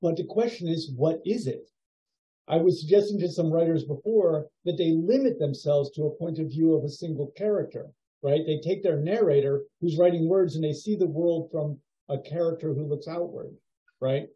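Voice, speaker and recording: A man teaching a writing workshop over a video call, giving feedback in a musing, halting way with many fillers. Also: a little high, dark tone. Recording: dull lo-fi video call audio.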